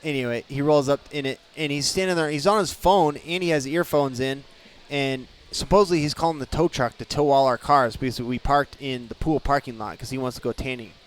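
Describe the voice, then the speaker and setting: A man, a guest in a radio studio, telling a story in casual chat and acting out the people in it with lively energy. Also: mid-range voice, a little fast, few pauses. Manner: animated, acts out quotes.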